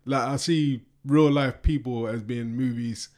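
A man's voice: medium pitch, steady tone, unhurried, a little mellow. A man in casual conversation reviewing a film, rambling a little and laughing easily. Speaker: podcast co-host.

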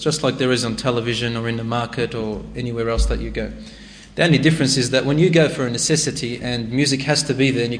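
Man preaching in an echoey hall. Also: mid-range voice. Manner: conversational, rising to emphatic exhortation. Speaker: preacher answering a question. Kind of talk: sermon. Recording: echoey hall with faint ambience.

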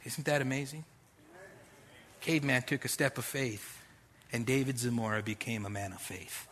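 A man's voice: mid-range voice, steady tone, moderate pace, fairly bright tone, slight background noise. A middle-aged man preaching a sermon as pastor, direct and conversational, with street slang.

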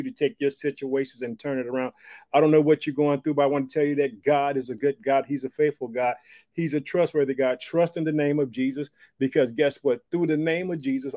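Exhorting male preacher, warm dry voice. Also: mid-range voice, no echo. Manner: repetitive call-and-response phrases, exclamatory. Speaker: podcast host and preacher. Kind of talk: encouraging sermon.

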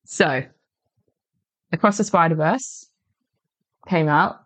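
A woman's voice: deep voice, slow pace, no room sound. A woman hosting a podcast in casual chat, brash and teasing, laughing often. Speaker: podcast host.

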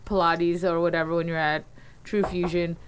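A woman co-hosting a podcast, blunt and quick to laugh, swearing a lot in a casual drinking chat. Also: on the low side, flat delivery, slight background noise. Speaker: podcast co-host.

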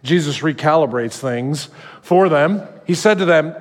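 A male pastor giving a sermon in a conversational, animated storytelling manner. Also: a little high, moderate pace, in a large hall.

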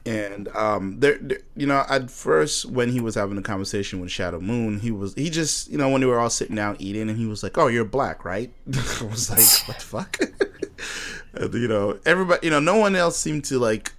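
A man's voice: mid-range voice, expressive, brisk, a bit bright. A man co-hosting a casual chat about a TV show, laughing often and talking with many fillers and restarts. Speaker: podcast co-host.

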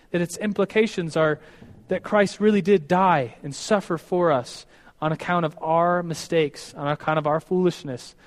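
A man's voice: a little high, long reverb tail. A man telling a story to a class and leading a prayer, earnest, with many restarts.

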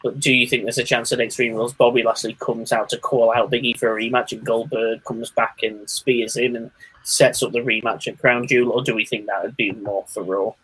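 A man's voice: medium pitch, level tone, fairly quick, a bit bright, breathy edge, poor audio. Male podcast host, casual wrestling talk, laughs a lot. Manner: laughs often, leads the segments.

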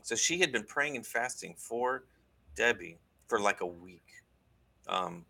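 A man telling a story in casual conversation, animated, with many restarts and asides. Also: mid-range voice, unhurried, vocal fry. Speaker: guest recounting a deliverance.

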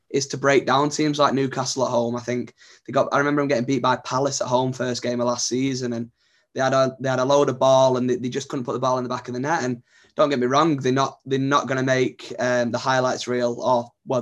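A man, a podcast guest, talking football in a thoughtful, easygoing way. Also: mid-range voice. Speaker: podcast guest, club editor. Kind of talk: casual podcast chat.

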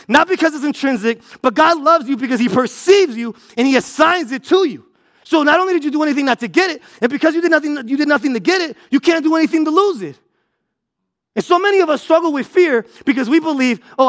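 A man delivers a sermon in an unusually high voice. He preaches with emphasis and hammers points through repetition. His delivery swings between loud bursts and low, hushed stretches. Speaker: pastor.

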